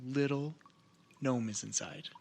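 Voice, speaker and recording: A man's voice: medium pitch, a little slow, vocal fry, a little mellow. A man narrating scenes as game master in a laid-back, descriptive way. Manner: easygoing, descriptive.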